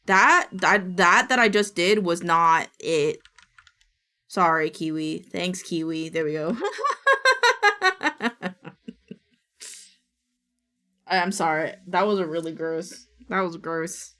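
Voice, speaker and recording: Woman streamer, casual co-working chat, bright voice, unhurried, mutters and swears, keyboard clicks behind. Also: lowish voice, fairly even intonation. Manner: chatty, muttering to herself while editing, swears casually.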